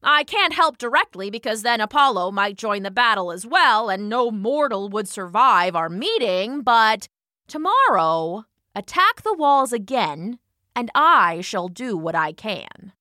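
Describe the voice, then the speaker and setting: A woman's voice: a little high, very animated, a little slow, bright, forceful tone, no echo, studio quality, exaggerated voice. A woman voicing a glowing warrior goddess with a solemn, commanding manner.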